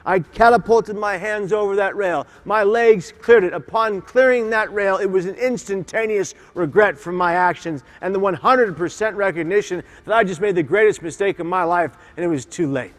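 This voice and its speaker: Impassioned high-voiced man speaking in a reverberant hall. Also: normal speed, few pauses. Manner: impassioned, emphatic, leads audience call-and-response. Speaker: keynote speaker. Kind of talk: motivational keynote speech. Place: large conference hall. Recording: long hall reverb from conference hall.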